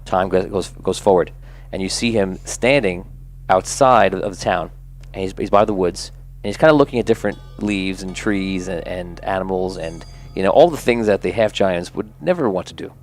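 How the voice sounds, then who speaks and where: A man's voice: low voice, normal speed, soft background music. A man narrating as game master of a tabletop game in a casual, chatty way. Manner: casual, laughs often, chatty.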